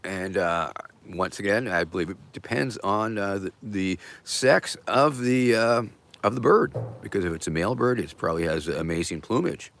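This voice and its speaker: A middle-aged man hosting a casual livestream, answering viewer questions in a rambling, halting way with many fillers and a playful joking humor. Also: fairly low pitch, gravelly. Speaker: host.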